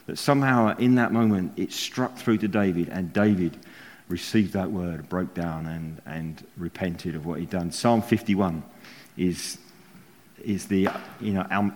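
A man preaching a sermon, telling stories with frequent chuckles. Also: fairly low pitch. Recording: long hall reverb.

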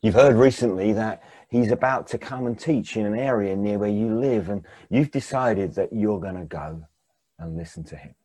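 A man preaches by walking the listener through a story in the second person. His voice is low, dark and husky, recorded dry and close. He moves between hushed murmurs and emphatic swells. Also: normal speed, no room sound.

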